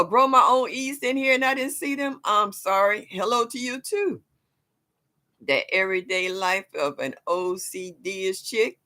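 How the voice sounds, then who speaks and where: An older woman, hosting a casual live stream and chatting with her viewers. She laughs often, and her voice leaps high whenever she greets someone. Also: pushed and bright. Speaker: livestream host.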